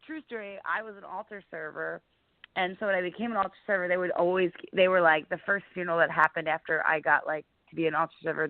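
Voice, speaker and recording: Guest comedian, young woman, chatty and animated storyteller; dry, tinny phone-like sound. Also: lowish voice, gravelly, no echo. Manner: chatty, animated, lots of "like" fillers. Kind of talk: casual interview storytelling.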